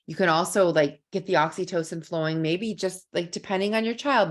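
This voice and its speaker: A middle-aged woman coaching parents in a relaxed, talky masterclass. Her voice sits a little low, and she keeps dropping "like" as she talks. Every so often she jumps up into playful acted-out quotes. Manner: chatty, many "like" fillers, acts out quoted lines. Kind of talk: live masterclass teaching.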